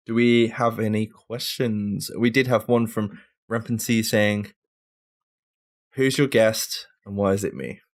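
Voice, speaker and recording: A man's voice: fairly low pitch, fairly even intonation, a little slow. A man hosting a casual gaming podcast, talking in a rambling, laid-back way and swearing now and then. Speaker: podcast host.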